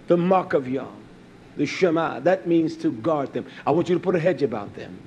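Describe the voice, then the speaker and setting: High-voiced emphatic man preaching. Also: animated, moderate pace, a little hiss or hum. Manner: emphatic, swinging between low asides and loud raised emphasis. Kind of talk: sermon.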